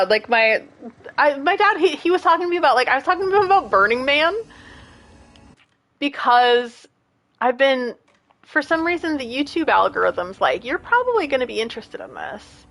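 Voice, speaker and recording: A woman in her late thirties talks to her stream chat in a loose, rambling way. Her voice sits a little higher than most women's and swoops around a lot. She laughs easily and wanders off into rants. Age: late 30s. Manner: rambling, animated, laughs often, goes off on rants.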